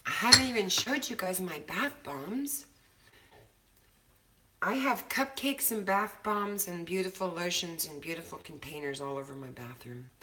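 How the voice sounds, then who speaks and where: A woman's voice: lowish voice, measured pace, pushed and bright. A woman chatting casually from her home kitchen, talkative and laughing often, swearing now and then. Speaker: co-host of a cannabis show. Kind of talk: casual chat.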